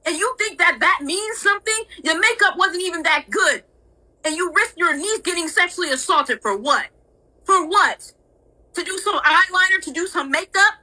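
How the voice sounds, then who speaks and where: Scolding woman with a bright, high voice. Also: moderate pace, rough recording. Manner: scolding, relentless, cutting. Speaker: livestream participant. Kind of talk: heated livestream argument.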